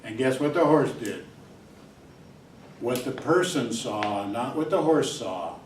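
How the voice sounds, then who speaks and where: A man lectures to a class, wandering off into jokes and acting out his examples with barks and little voices. His voice sits at an ordinary middle pitch. He sounds set back from the microphone in an echoey lecture hall, with a faint hiss underneath. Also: animated, slow, recorded from a distance. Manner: digressive and joking, acts out examples with barks and voices. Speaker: psychology lecturer. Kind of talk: university lecture.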